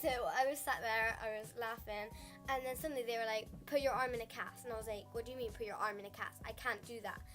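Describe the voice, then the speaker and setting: A woman's voice: a little high, steady tone, fast talker, fairly bright tone, soft background music. A teenage girl telling a casual storytime in a rambling way, full of "like" fillers. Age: teens. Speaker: vlogger.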